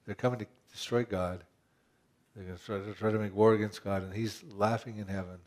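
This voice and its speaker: A man's voice: lowish voice, steady tone, a little fast, a little mellow. A man pastor preaching a conversational sermon, asking rhetorical questions and often restarting his phrases.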